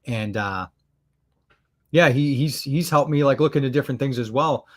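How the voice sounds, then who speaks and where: A man speaking as a guest on a live stream, talking in a relaxed, rambling way that often repeats words. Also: medium pitch, normal speed. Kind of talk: casual chat.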